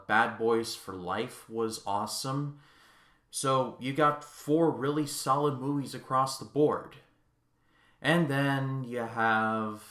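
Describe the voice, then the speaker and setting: A man's voice: medium pitch, sharp tone. A man reviewing a film in a casual vlog, ranting in an exasperated, sarcastic way. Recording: echoey room.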